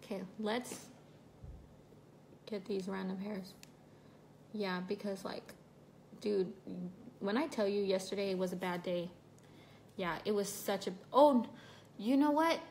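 A woman's voice: medium pitch, slow, long pauses, a little mellow, a little hiss or hum. A woman chatting casually on a livestream, reading viewer comments while she does her makeup, emotional about her broken foot. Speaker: livestream host.

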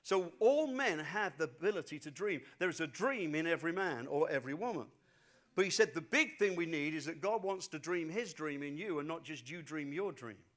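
An animated man preaching, with a fairly high voice for a man. He tells stories and hammers his points home by repeating phrases, as a pastor addressing a congregation. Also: a little fast. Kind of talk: sermon.

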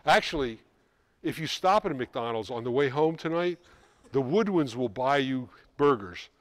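A middle-aged man coaching a school band in rehearsal, brisk and joking, calling out counts and singing rhythms. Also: medium pitch, expressive, no echo. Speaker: band clinician.

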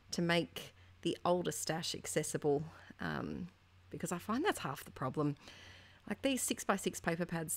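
A woman in her thirties chatting casually and warmly about her scrapbooking as a voice-over, meandering from one thought to the next. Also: sits low. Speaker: craft vlogger.

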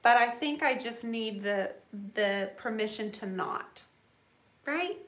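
A woman with a fairly high voice hosts a live painting tutorial from her home studio, and her voice rings in an echoey room. She chats easily and laughs often. She breaks off with quick apologetic asides as she paints. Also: a bit bright. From United States.

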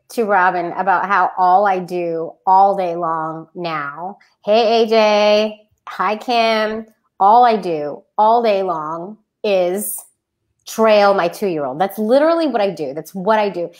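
A woman co-hosting a live-streamed podcast, chatting casually with frequent laughter and self-deprecating humor over a video call. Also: mid-range voice. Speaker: podcast co-host.

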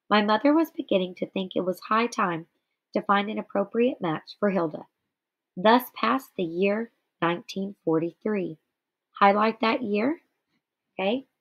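Tired woman teacher reading aloud. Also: mid-range voice. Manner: steady reading broken by explanations to students. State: tired, yawny. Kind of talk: guided reading aloud with commentary. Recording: slightly dull lo-fi recording.

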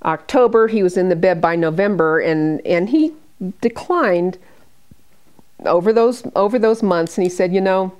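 A woman's voice: fairly low pitch, expressive, moderate pace. An older American woman, a hospice nurse, telling stories from her work to a small group and acting out the people she quotes. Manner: warm anecdotal storytelling with quoted dialogue. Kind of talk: storytelling presentation.

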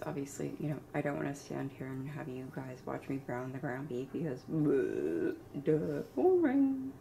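A woman's voice: fairly low pitch, a little hiss or hum, poor audio. Chatty woman cooking at home. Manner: chatty, self-mocking, laughs often. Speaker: home cooking video host. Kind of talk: casual cooking demonstration. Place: home kitchen at the stove.

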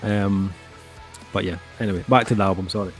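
Low-pitched and steady in tone, this middle-aged man talks fairly quickly over faint music while co-hosting an album review. He rambles in a casual way, with heavy use of "um" and "kinda."

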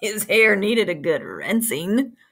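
A woman reading aloud as a rude, defiant teenage boy bully in a storybook scene, shouting and dismissive. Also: high voice, sing-song, normal speed, breathy edge, full character voice.

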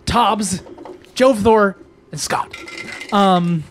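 A man narrating as game master, rambling with many fillers and quick laughs. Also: high voice, a little hiss or hum.

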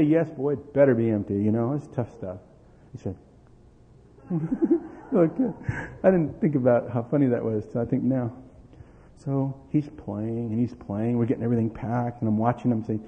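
A middle-aged man preaching and telling family stories, acting out the dialogue with bursts of energy. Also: mid-range voice. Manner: animated storyteller, acting out quoted dialogue, laughing. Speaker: pastor. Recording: tinny lo-fi with long hall reverb.

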